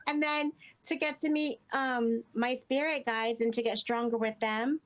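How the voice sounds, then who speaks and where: A woman's voice: fairly high pitch, fairly even intonation, a little slow. A woman guest speaking earnestly in casual interview chat, rambling and often saying "you know". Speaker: guest medium.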